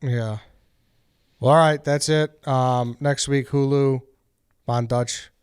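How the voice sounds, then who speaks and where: An easygoing man with an ordinary mid-range voice closes out a podcast episode in a relaxed, noncommittal way. The recording is dry and close, with no room sound. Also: medium pitch, slow pace, smooth, no room sound. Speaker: podcast host wrapping up. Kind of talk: casual chat.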